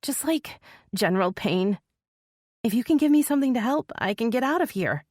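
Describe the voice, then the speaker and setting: A woman's voice: a little high, lively intonation, moderate pace, darkish tone, no echo, studio quality, voice pushed up. Woman voicing a shaky, frightened young woman. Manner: shaky, pleading, tearful.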